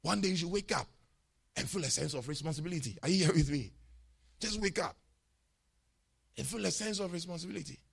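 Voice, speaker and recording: Man preaching, kinda high voice, hammers the same point over and over, keeps asking the crowd if they're with him. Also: brisk, creaky, pauses often, breathy edge. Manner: emphatic and repetitive, quizzing the congregation. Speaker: pastor. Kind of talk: sermon.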